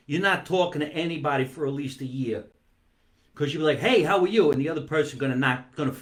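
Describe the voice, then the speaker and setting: A man hosting a comedy talk show from his basement, chatting playfully while he eats and stretching out words for comic emphasis. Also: fairly high pitch. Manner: talks while eating. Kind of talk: live-streamed comic monologue. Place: home basement.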